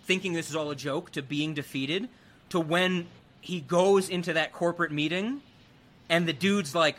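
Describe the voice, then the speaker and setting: Podcast host, male, chatty film recapper who acts out the lines; bright, pushy voice. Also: on the high side, moderate pace. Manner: animated, acts out characters' lines. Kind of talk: casual film recap chat.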